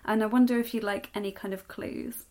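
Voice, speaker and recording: A woman's voice: medium pitch, steady tone, brisk, a little mellow. A woman with an English accent co-hosting a podcast, in a friendly, quizzing chat. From England. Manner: friendly, quizzing, laughs easily. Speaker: podcast co-host. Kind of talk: casual chat.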